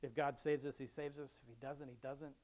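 A man's voice: mid-range voice, little pitch movement, a little fast, darkish tone. A middle-aged man giving a casual devotional talk, rambling, chuckling often and restarting his sentences. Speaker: Christian speaker.

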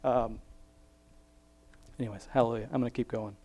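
A man's voice: mid-range voice, fairly even intonation, brisk, dark tone. A young man giving a rambling, self-mocking devotional talk, laughing often and acting out quoted voices. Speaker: Christian speaker sharing a Bible reflection.

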